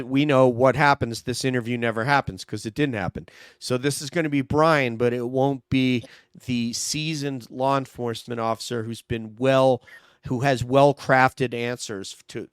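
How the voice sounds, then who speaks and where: A man's voice: mid-range voice, clear, resonant tone, no echo, studio quality. A man hosting an online true-crime show in casual, loose chat. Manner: loose, chatty, laughs easily. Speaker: host.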